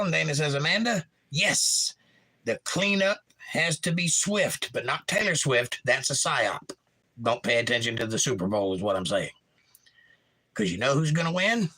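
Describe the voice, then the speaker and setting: A man's voice: a little high, pushed and bright. A man hosting a livestream in a casual way, reading viewers' chat messages aloud and adding wry asides. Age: young adult.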